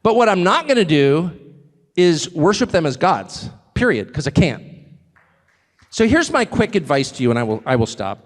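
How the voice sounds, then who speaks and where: A man's voice: a little high, big pitch swings, normal speed. A man speaking to a live audience, emphatic and mocking, with rhetorical questions. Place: large hall with audience. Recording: played clip, long hall reverb, faint crowd.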